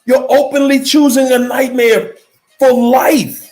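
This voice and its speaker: A man giving a motivational speech in an emphatic, repetitive preaching cadence, slowing down to stress key words, with faint music behind. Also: very high voice, little pitch movement, a little mellow. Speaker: motivational speaker.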